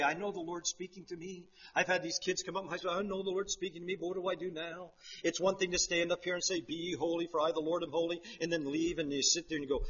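A man preaching a sermon, swinging between hushed, quiet stretches and loud, fervent passages. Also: medium pitch, husky, lo-fi sound.

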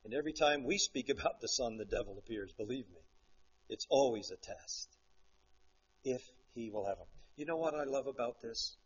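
A man preaching a sermon, swinging between hushed, quiet stretches and loud, fervent passages. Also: mid-range voice, lively intonation, normal speed, slightly rough, dull audio.

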